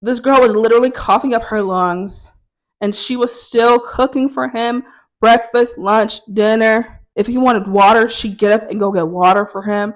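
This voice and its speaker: Young woman vlogger, storytime, candid, profane, heated, slightly high voice. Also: steady tone, normal speed. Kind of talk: storytime vlog.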